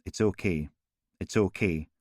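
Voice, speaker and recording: A man voicing a killer who speaks in a hushed, soothing, sinister way. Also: low voice, a little slow, no room sound, clean studio sound. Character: creepy soothing male killer, unhinged.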